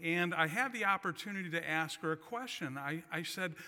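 A male pastor with a fairly high, very bright and cutting voice delivers a sermon built around a personal story. He tells it with folksy, self-deprecating humor. His words ring out with a long reverb from a church sanctuary. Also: lively intonation, brisk. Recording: long reverb of a large hall.

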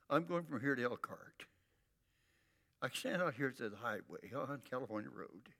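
Older preacher with a lively, ringing voice. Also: male voice, mid-range voice, long reverb tail. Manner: folksy, emphatic preaching with drawn-out repeated phrases. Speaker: pastor. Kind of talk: sermon.

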